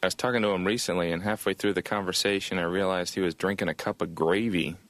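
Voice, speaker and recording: Deadpan low-voiced man from Indiana. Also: fast, no room sound. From Indiana, USA. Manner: dry, understated, slips into silly quoted voices. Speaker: patient doing stand-up. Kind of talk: deadpan stand-up monologue.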